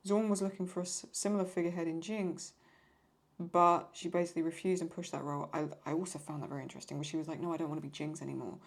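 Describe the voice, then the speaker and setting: A woman talks in a loose, rambling way, as a video host answering viewer questions. Her voice sits a little low for a woman. She keeps paraphrasing and stopping to apologize when she loses her thread. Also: fairly even intonation, fast. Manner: rambling, paraphrasing lines, apologizes for getting stuck. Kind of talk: casual chat.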